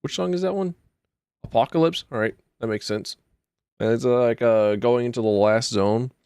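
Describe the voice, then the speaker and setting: A man's voice: mid-range voice, normal speed, dark tone, clear, resonant tone, no echo, studio quality. A man streaming a video game, chatting casually and rambling with jokey, self-deprecating asides. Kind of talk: casual gaming stream chat.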